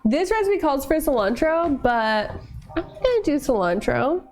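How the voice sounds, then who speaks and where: A woman's voice: sits high, very animated, normal speed. A woman chatting casually with viewers while cooking in her home kitchen, laughing often and cooing at her dog. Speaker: streamer cooking on camera.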